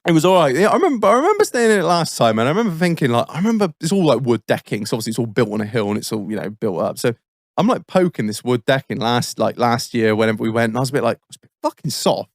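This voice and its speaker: An Englishman in his thirties rattles off a holiday anecdote on a casual podcast, swearing in nearly every sentence. His pitch bounces around a lot as he talks, and his voice is close and dry with no room echo. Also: big pitch swings, very fast. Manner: swears constantly, rambling anecdotes with frequent laughs. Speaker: podcast host.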